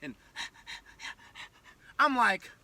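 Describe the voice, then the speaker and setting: A young man telling a storytime vlog in an excitable, slangy way, acting out the scene as he goes. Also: drawn-out words. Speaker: vlogger. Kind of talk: animated storytime.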